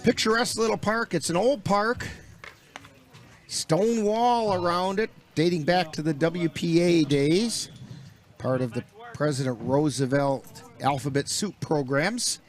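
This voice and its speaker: A man calling baseball play-by-play for a local webcast, with relaxed, folksy asides between pitches. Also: a little slow. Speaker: play-by-play announcer.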